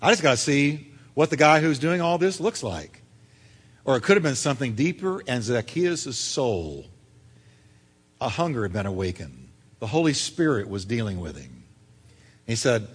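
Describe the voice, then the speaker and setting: A man preaching a sermon, animated, swinging between loud calls and hushed, quiet passages. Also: mid-range voice, normal speed, breathy edge, big-room sound.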